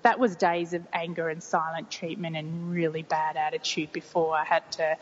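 An Australian woman in her forties, a mother of three being interviewed, speaks frankly at a moderate pace in a low, flat voice. She rambles and corrects herself in casual conversation. The recording is muffled and reverberant with faint hiss.

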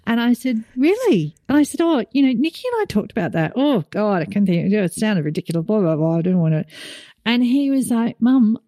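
A middle-aged woman, a podcast co-host telling a story in casual chat, animated and rising in pitch when moved. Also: brisk, no echo, clean studio sound.

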